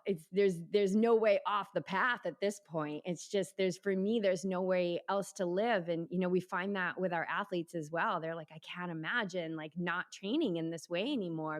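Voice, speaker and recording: A middle-aged woman talking casually as an interview guest, animated and acting out quoted voices, speaking as a yoga teacher and triathlete. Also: lowish voice.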